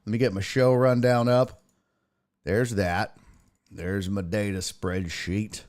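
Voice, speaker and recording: A man hosting a live sports talk stream, excitable and profane, greeting chat viewers by name and laughing often. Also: on the low side, slow. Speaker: sports talk show host.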